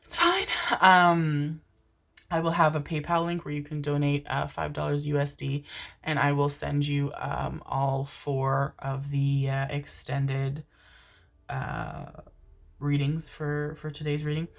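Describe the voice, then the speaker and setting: A woman with a low voice giving a tarot reading in a relaxed, rambling way. She speaks tenderly to her viewers, calling them her darlings and loves, and fills her pauses with soft "um"s. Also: creaky. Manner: affectionate, calls listeners "my darlings" and "my loves"; meandering, with many "um" fillers. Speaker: tarot reader.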